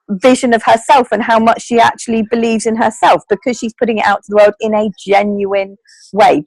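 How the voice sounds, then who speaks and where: A woman leads her team over a video call, in a chatty, heartfelt style full of fillers. Her pitch sits in the middle of the range. The sound is dry, with no room echo. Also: vocal fry, darkish tone. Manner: chatty, earnest, emotional, with many fillers and laughs. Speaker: network marketing team leader. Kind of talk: casual group video call talk.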